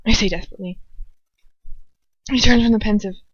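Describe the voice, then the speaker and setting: A woman's voice: medium pitch, fairly even intonation, fast talker, pauses often, no room sound. A woman reads first-person fan fiction aloud, emotive and casual, stopping now and then for chatty asides. The sound is dry and dull, a lo-fi home recording. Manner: emotive, breaks off into giggly asides.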